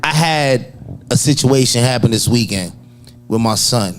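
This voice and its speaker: A middle-aged man, co-hosting a casual talk show and telling a family story with shouts and laughter. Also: mid-range voice, measured pace. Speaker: co-host. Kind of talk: casual chat.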